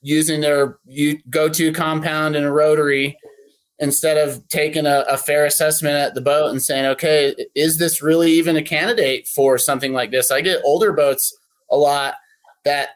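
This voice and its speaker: A man's voice: on the high side, little pitch movement, moderate pace. A man who runs a boat detailing shop, speaking in a casual podcast interview in a friendly, practical way with plenty of fillers.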